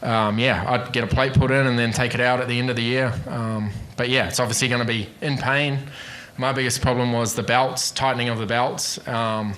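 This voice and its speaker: A man who races cars, answering an interview question in a relaxed, matter-of-fact way. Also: mid-range voice, brisk. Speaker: race car driver.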